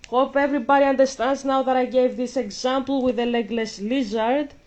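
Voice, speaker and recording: A woman's voice: high voice, steady tone, a little fast, a little mellow. A woman vlogger ranting in casual commentary while gaming, blunt and profane, a bit out of breath.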